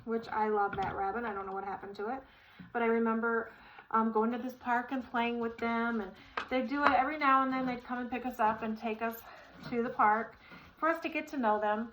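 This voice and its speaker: Middle-aged lady rambling thru a story while building a chair, kinda high voice, faint clicks behind. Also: fairly even intonation, fairly quick, a little hiss or hum, low-quality recording. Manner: rambling, warm-hearted, many fillers and restarts. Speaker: vlogger.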